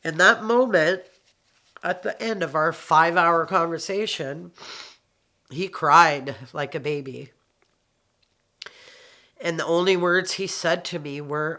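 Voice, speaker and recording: A middle-aged woman from Canada giving a personal testimony, halting and reflective, pausing often with ums. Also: low voice, bright, forceful tone. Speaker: abuse survivor telling her story.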